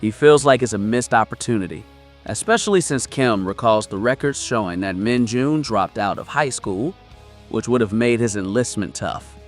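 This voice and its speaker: A man's voice: fairly low pitch, moderate pace. Man narrating a story recap over faint music.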